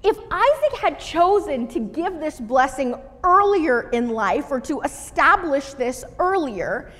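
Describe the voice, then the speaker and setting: A woman reading scripture aloud and then explaining it in a measured, teaching sermon. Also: high-pitched, very animated, fairly bright tone. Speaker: Bible teacher. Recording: long hall reverb.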